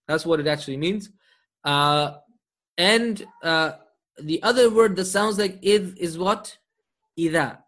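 Male language teacher, somewhat high voice, patient, slow drawn-out explanations for a class. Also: fairly bright tone. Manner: patient, quizzing students with frequent "okay?" and "hmm?". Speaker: Arabic teacher. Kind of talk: classroom grammar lesson.

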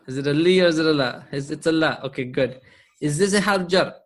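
Male language teacher, somewhat high voice, patient, slow drawn-out explanations for a class. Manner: patient, quizzing students with frequent "okay?" and "hmm?". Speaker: Arabic teacher. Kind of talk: classroom grammar lesson.

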